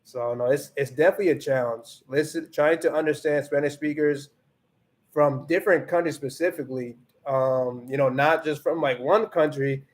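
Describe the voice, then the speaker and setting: A man's voice: on the high side, normal speed. A man hosting a casual livestream, chatting loosely with many restarts, switching between English and Spanish as he reads the chat and laughs often. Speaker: livestream host.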